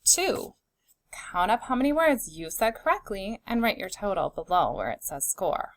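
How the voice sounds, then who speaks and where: A woman teaching a phonics lesson to young children, sounding out words slowly and clearly and encouraging them. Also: mid-range voice, sing-song, dry recording.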